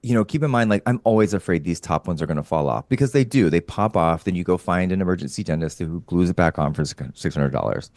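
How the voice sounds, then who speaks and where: A man in casual chat, an animated storyteller who swears and laughs often. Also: deep voice, fast talker, hardly any pauses, dry recording. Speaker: podcast guest, comedian.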